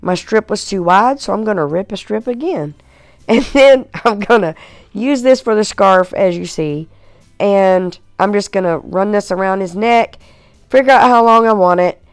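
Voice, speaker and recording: A woman's voice: medium pitch, clean tone, dry recording. A woman chatting casually as she narrates a home craft project, folksy and self-mocking, with lots of fillers. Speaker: craft video host. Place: at home in a recliner.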